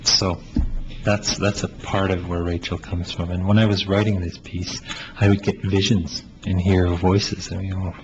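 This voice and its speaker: A playwright from Canada, a man answering interview questions in a thoughtful, halting way, with frequent laughs. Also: low-pitched, flat delivery. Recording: slightly muffled with faint hiss.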